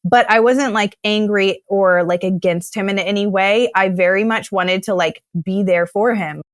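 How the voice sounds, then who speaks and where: A young woman telling her own story in casual chat, animated, often acting out what she said back then. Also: medium pitch, moderate pace, dry recording, studio quality. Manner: animated, acts out her own past words.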